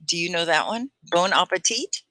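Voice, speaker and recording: Woman, ESL livestream host, patient pronunciation drills, crisp bright tone, dry. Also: lowish voice, lively intonation, dry recording. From United States. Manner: slow, clear spelling and pronunciation drills. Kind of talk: casual teaching chat.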